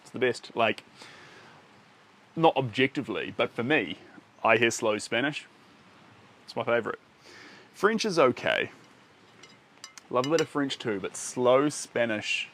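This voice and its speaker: A man's voice: mid-range voice, a bit bright, a little hiss or hum. A man chatting casually with his viewers during a live art stream, rambling and playful, often chuckling. He is recording outdoors under a shelter by a lake.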